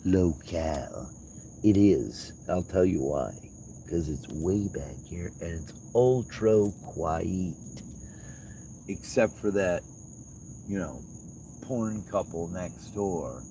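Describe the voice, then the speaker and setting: A man's voice: deep voice, lively intonation, takes it slowly, warm tone, a little hiss or hum, poor audio. A man hosting a livestream in rambling casual chat, joking and teasing with frequent laughter. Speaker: livestream host.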